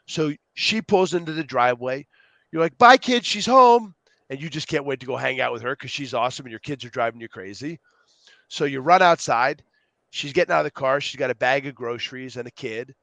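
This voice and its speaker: A man being interviewed as a youth program co-founder, explaining ideas with lively acted-out quotes. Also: mid-range voice, dry recording. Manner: animated storyteller, acts out quotes. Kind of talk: podcast interview.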